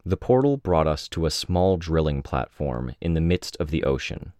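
A man reading first-person audiobook narration in a measured, even way. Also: extremely low pitch. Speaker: audiobook reader.

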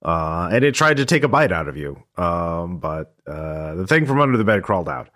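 A man narrating a tabletop horror game as game master, describing scenes haltingly with many fillers. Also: deep voice, big pitch swings, a bit bright.

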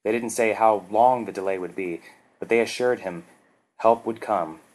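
Male narrator, measured and dramatic, low voice, story reading. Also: a little mellow. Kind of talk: scripted narration.

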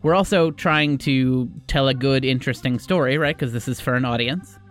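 A man in his thirties or younger, running a tabletop game as game master, telling the story in measured narration and talking things over in a loose, rambling way. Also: mid-range voice, soft background music. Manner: measured storytelling, then thoughtful rambling with fillers. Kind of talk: scripted narration and casual chat.

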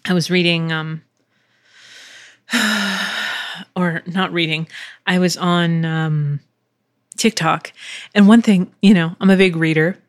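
Woman podcast host, slightly low voice, chatty and loose, heavy on "like" and "um", swears freely, dry close recording. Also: fairly even intonation, slow pace, long pauses, dry recording. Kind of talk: casual solo podcast chat. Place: living room at home.

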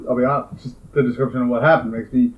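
A man's voice: medium pitch, steady tone, rapid-fire, muffled recording. A Canadian man co-hosting a podcast, talking hesitantly with many fillers in casual chat. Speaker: podcast co-host.

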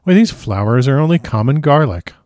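A man's voice: medium pitch, animated, a little fast, a little mellow, no echo, studio quality, voice pushed up, close to an everyday voice. A man voicing a sweet, grateful young woman with a raised, girlish lilt. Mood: playful. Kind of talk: audiobook character reading.

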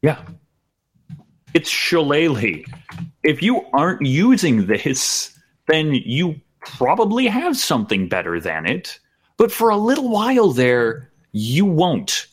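Wry, animated podcast co-host man. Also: fairly high pitch, slow pace, breathy edge. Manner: wry, agreeable, laughs often. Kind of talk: casual chat about tabletop games.

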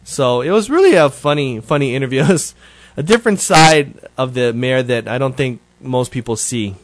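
A man's voice: medium pitch, animated, normal speed, no room sound. A man hosting his show, giving a casual, rambling update that is full of self-corrections. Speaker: show host.

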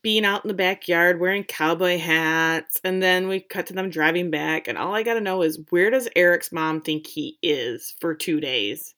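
A woman's voice: fairly low pitch, moderate pace, few pauses, fairly bright tone. A woman co-hosting a casual chat, recapping a story with wry, blunt commentary. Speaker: podcast co-host recapping a film.

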